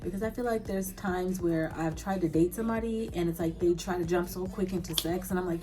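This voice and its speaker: A young woman vlogger answering viewer questions in a candid, casual chat, laughing often and dropping in quick asides. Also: on the low side, darkish tone, soft background music.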